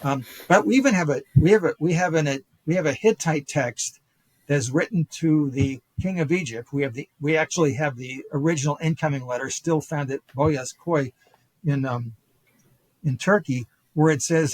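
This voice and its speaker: An older man with a slightly raised pitch and a husky edge, telling ancient stories as a podcast guest. He jumps into quoted dialogue and trips through restarts and fillers. The sound is close and dry. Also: moderate pace, dry recording, poor audio. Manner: animated retelling with acted quotes, many fillers and restarts. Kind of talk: casual storytelling lecture.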